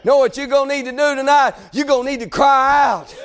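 A man preaching a fervent sermon, often breaking into shouts and punctuating his lines with "amen" and "hey". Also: very high voice, fairly even intonation, a little fast. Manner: calls out "amen" and "hey" between phrases.

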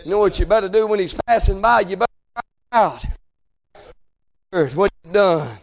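A man preaching a fervent sermon, often breaking into shouts and punctuating his lines with "amen" and "hey". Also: high voice, lively intonation, normal speed, gravelly. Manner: calls out "amen" and "hey" between phrases.

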